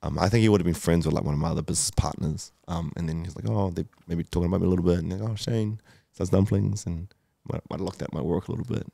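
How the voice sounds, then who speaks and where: A man's voice: sits low, racing, creaky, hardly any pauses, mellow, no room sound. A man in his thirties, a podcast guest, telling his story candidly and emotionally, with lots of swearing, fillers and restarts. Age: 30s.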